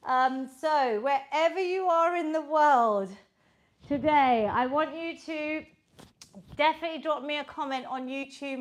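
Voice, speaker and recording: A fitness instructor from the United Kingdom leads a guided home workout, upbeat and encouraging as she counts the reps out loud. Her voice sits high with a bit of brightness, though the audio is poor.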